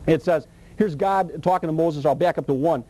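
A man preaching a sermon and telling his own testimony, with animated storytelling and sudden high, excited bursts. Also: normal speed, low-quality recording.

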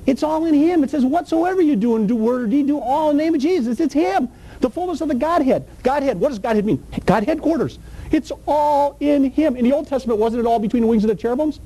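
A man's voice: sits high, animated, fast talker, dark tone, breathy edge, low-quality recording. A man preaching a sermon in a folksy, emphatic, colloquial way.

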